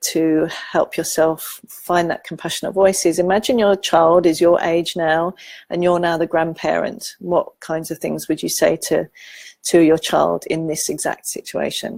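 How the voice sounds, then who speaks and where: A middle-aged woman speaking as a therapist, teaching in a soft, calm and compassionate way with hesitant restarts. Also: lowish voice, vocal fry, no room sound. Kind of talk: gentle teaching talk.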